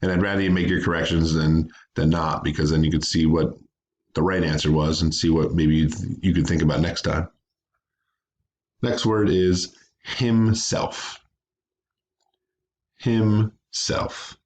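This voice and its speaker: A man's voice: very deep voice, fairly even intonation, moderate pace, darkish tone. A man teaching a recorded phonics lesson to children, patiently sounding out words syllable by syllable.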